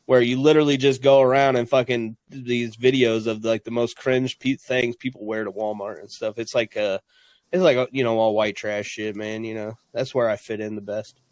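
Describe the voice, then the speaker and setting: A man's voice: mid-range voice, steady tone, normal speed, a little mellow, no echo. A man hosting a podcast, rambling and swearing a lot in casual chat.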